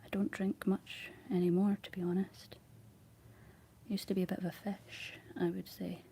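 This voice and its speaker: A young Scottish woman whispering soft ASMR chat, rambling gently to her viewers while she paints, close on the mic. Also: mid-range voice, little pitch movement, moderate pace, vocal fry, slightly rough. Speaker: ASMR livestream host.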